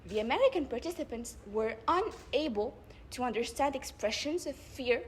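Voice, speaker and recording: Young woman, debate club speaker, public speech, rhetorical, measured emphasis, slightly high voice. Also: animated, slight background noise. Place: live event before an audience.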